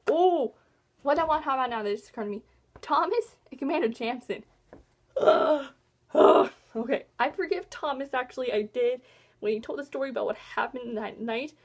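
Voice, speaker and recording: High, lively woman gushing about books. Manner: gushing, excitable, rambling; animated swings between loud and soft. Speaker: book vlogger. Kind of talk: casual book review chat.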